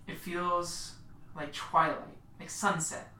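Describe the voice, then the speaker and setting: Low slow-spoken woman storyteller. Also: level tone, sharp tone. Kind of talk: narrating a tabletop game. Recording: roomy, distant mic, faint noise.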